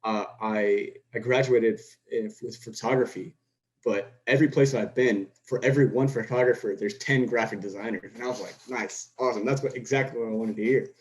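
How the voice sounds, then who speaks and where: This young adult from Houston, Texas chats on a podcast, telling stories that wander with frequent restarts and voiced back-and-forth dialogue. He speaks briskly at a middle pitch with a steady tone, on a low-quality recording.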